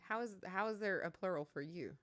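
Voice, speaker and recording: A woman's voice: lowish voice, a little fast, a bit bright, soft background music. A middle-aged woman with a Kentucky Southern accent, chatting casually and giggling with her live-stream viewers.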